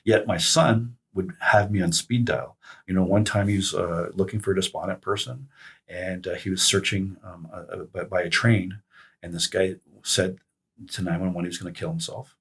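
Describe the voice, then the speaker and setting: Middle-aged male guest, deep husky voice, halting reflective storyteller. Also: steady tone, fairly bright tone. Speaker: podcast guest. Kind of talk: casual conversation.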